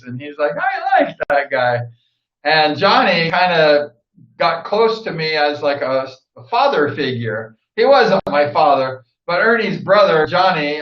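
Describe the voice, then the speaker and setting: Rambling older man telling racing stories. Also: fairly high pitch. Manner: rambling, repeats himself, acts out quotes. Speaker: former speedway rider telling stories. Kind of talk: casual storytelling monologue. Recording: echoey room, dull lo-fi sound.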